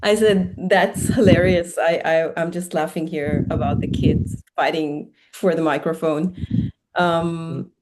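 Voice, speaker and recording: A woman on a video call asking a question, halting and restarting her sentences. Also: sits low, fairly even intonation, very noisy. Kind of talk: casual discussion on a video call.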